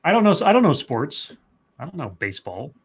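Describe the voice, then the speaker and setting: Stream co-host, male, slightly high voice, rambling and chatty, casual news reader. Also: big pitch swings, fairly quick, slightly rough. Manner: rambling, chatty, trails off with fillers. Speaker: co-host reading news stories. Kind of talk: casual livestream chat.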